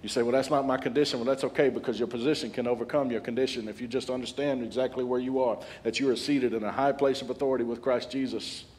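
A man in his forties preaching a sermon as a guest speaker, animated and humorous, building to loud peaks. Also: medium pitch, fast, hardly any pauses, slight background noise. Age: 40s.

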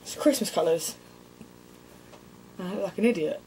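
A woman's voice: on the low side, normal speed, warm tone, slight background noise, low-quality recording. Cheeky young woman vlogging. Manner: cheeky, self-mocking, sweary. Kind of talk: casual comedic vlog.

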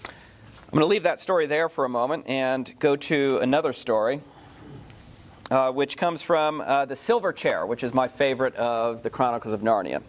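A man, a pastor, giving a measured lecture on literature, often pausing with filler sounds. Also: mid-range voice.

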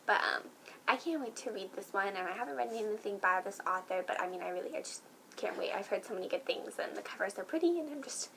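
Gushing young woman with a creaky voice. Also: mid-range voice, fast, background noise. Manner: gushing, excitable, many fillers. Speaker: book vlogger. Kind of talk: casual vlog chat.

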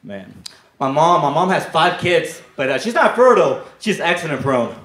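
A man's voice: fairly high pitch, moderate pace, noisy background. Young man doing stand-up in an echoey club. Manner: deadpan storytelling with brief shouted character bits. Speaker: stand-up comedian. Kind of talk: stand-up comedy set. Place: comedy club stage. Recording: echoey club with loud crowd.

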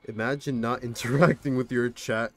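A man's voice: mid-range voice, steady tone, normal speed, a bit bright. A young man streaming a co-op game live, reacting in exasperation to his partner and reading his chat. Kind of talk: live gameplay commentary.

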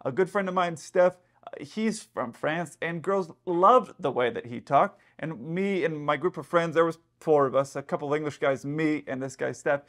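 Chatty pilot explaining an incident. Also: male voice, fairly high pitch, moderate pace, a bit bright. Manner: chatty, explanatory, speculating aloud. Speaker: airline pilot commentator. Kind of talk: casual commentary.

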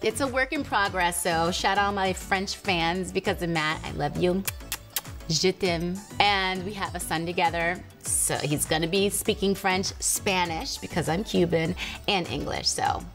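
A woman's voice: lowish voice, unhurried, fairly bright tone, soft background music. Bubbly chatty woman host. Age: adult with a teen daughter and a baby. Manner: bubbly, laughs often, chatty asides. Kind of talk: casual chat to camera.

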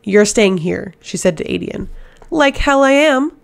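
A woman voicing a fierce, sharp-tongued young woman who is an assassin queen, in an audiobook reading. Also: mid-range voice, moderate pace, vocal fry, natural voice. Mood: defiant.

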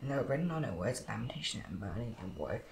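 A man reading Bible passages aloud at a steady pace, with occasional slips and restarts. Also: medium pitch, racing, creaky. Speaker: Bible reader. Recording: echoey room with background noise.

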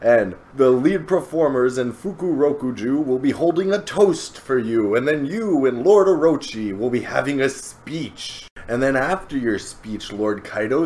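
A man's voice: mid-range voice, natural voice. A man voicing a small, dutiful woman assistant who reports a schedule in a polite, formal way.

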